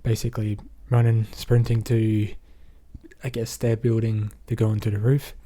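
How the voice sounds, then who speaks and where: An Australian man talks through a movie plot in a loose, rambling recap, padding his sentences with "basically" and "um". His voice sits low and mellow with a husky edge. He keeps a flat, even delivery throughout. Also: moderate pace. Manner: rambling, leans on fillers like "basically" and "um". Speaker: movie reviewer. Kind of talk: casual spoken movie recap.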